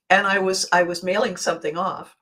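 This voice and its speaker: A woman's voice: lowish voice, sharp tone, poor audio. Chatty woman host who laughs easily. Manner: chatty, laughs often, restarts sentences. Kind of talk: casual livestream chat.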